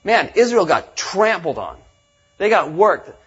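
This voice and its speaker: A middle-aged man preaching a sermon, reading scripture and then retelling it in an animated way, with many restarts and "I mean". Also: high-pitched, unhurried, breathy edge, dull audio. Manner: animated, with frequent restarts and filler phrases. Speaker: pastor.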